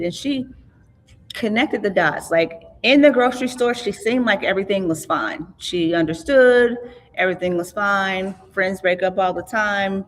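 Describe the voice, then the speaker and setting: A middle-aged woman, an author and interview guest, telling her life story in an earnest, reflective way, often halting and restarting. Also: medium pitch. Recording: long hall reverb.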